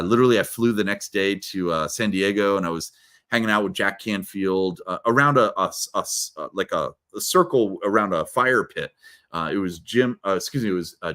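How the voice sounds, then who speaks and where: Bright, energetic male guest speaker. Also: low-pitched. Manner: energetic, playful, many restarts. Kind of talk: animated storytelling in a live interview.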